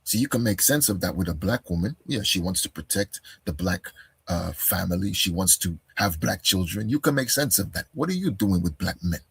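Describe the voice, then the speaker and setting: A man's voice: sits low, lively intonation, normal speed, vocal fry, slightly rough, dry recording. A man giving an argumentative reaction commentary, firing rhetorical questions and talking straight at the person he answers. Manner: combative, fires rhetorical questions, calls listener "bro". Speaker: commentator responding to a video.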